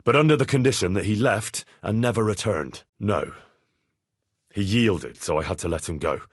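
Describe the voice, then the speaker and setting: An actor playing an earnest, dutiful young squire in a medieval game, speaking plainly and deferentially in recorded dialogue lines. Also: male voice, fairly low pitch, moderate pace, slightly rough, no echo, studio quality. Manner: plain, sincere and deferential, with many lines read twice. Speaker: player character in a game. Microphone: close studio mic.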